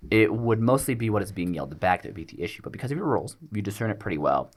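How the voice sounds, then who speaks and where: Game master, man, lower register, expressive, hesitant scene-setting. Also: rapid-fire. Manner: hesitant, many ums while describing scenes. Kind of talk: narrating a tabletop game.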